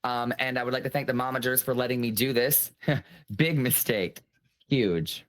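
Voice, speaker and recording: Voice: mid-range voice, normal speed. A game show host running a casual online contest, playful and teasing, laughing often, over a video call.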